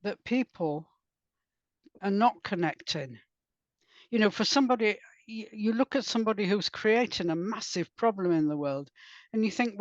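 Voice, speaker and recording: A woman from Wales, an author and poet speaking softly in a podcast interview and reading her poems slowly. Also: medium pitch, lively intonation, no echo. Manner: soft, unhurried, lyrical reading. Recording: dull lo-fi dry sound.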